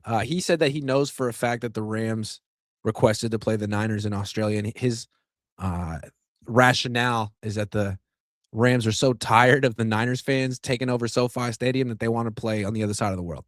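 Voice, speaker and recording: A man co-hosting a casual sports podcast, laying out firm opinions in a steady way. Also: mid-range voice, brisk, no room sound, studio quality. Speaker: podcast co-host.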